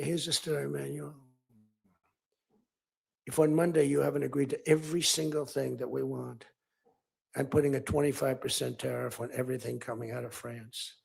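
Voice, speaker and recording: A man's voice: mid-range voice, darkish tone. An older man giving a rambling off-the-cuff speech at a press conference, repeating himself and acting out other people's lines. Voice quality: gravelly and husky.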